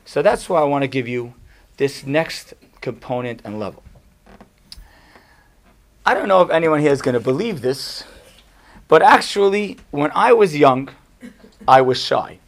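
A man's voice: fairly high pitch, lively intonation, unhurried, long pauses. A middle-aged man, a rabbi, teaching a class to an audience in an emphatic style, driving home points with punchy repetition and joking asides. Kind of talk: Torah class to a live audience.

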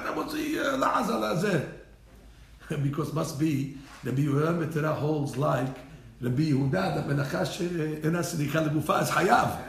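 A man teaching a Torah class in an animated way, mixing Hebrew terms into English and repeating his phrases. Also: on the high side, vocal fry, roomy sound.

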